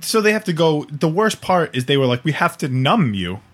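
Speaking at a moderate pace in a fairly high voice, a male podcaster shares an awkward story comedically and casually. He laughs as he goes and animatedly performs all the characters' lines.

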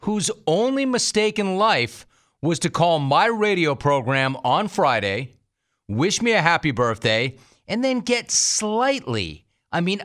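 A man's voice: fairly high pitch, fairly bright tone. Wry male podcast host. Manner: wry, sarcastic. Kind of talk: casual monologue.

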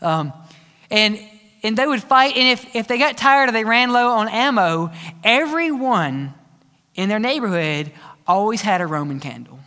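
A man preaching a sermon as pastor, telling stories in a lively way, with playful sound effects and asides. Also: high-pitched, moderate pace. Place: church sanctuary. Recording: church hall reverb.

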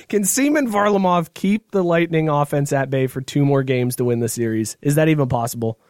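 A man's voice: a little high, moderate pace, a little mellow, no room sound, studio quality. A man hosting a casual sports podcast, joking and laughing often, also reading ads. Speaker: podcast host. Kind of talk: casual chat and ad read.

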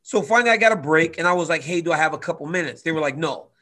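A man in his twenties telling a story in casual chat, animated, swinging from loud to quiet. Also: fairly high pitch, racing. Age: 20s. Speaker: guest fighter.

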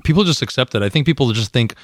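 A man's voice: mid-range voice, expressive, very fast, no room sound, clean studio sound. A man co-hosting a podcast, bantering and laughing easily in casual chat. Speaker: podcast co-host.

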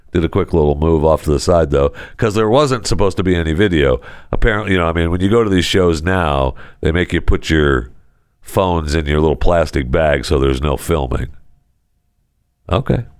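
Low-voiced guy cracking jokes on his podcast, laughs at his own stuff, dry close mic. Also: clear, resonant tone, no room sound. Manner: joking, wry, chuckles at his own jokes. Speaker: podcast host. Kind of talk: casual comedic monologue.

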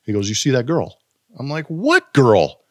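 A man telling ballpark stories in a relaxed chat, voicing the people in them with a laugh. His voice sits at an ordinary pitch. The sound is close and dry, with no room around it. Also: brisk, dry recording. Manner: animated, acts out quotes with laughs. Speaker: former baseball player telling stories. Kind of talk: casual storytelling chat.

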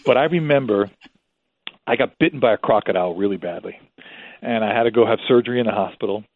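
A man in his fifties telling rambling, animated stories as a guest, with frequent restarts. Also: on the low side, fast, no echo. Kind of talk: casual anecdotal storytelling. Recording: tinny dry phone-like line.

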